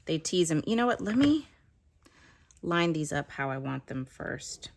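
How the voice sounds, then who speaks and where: A woman's voice: low-pitched, sing-song, unhurried. A woman giving a casual craft tutorial, chatting and explaining each step as she works. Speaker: craft demonstrator.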